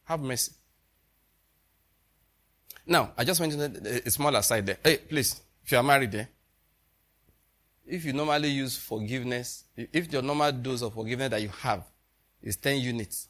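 Husky-voiced pastor, laughing often. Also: male voice, medium pitch, moderate pace, a bit bright. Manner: laughs often, chuckling storyteller; loose, conversational preaching. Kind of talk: sermon.

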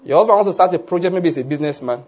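A man preaching a sermon to his congregation, animated, often asking whether they follow and laughing along. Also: on the high side, very fast. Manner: animated, asks "are you getting my point?" often, laughs along. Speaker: pastor.

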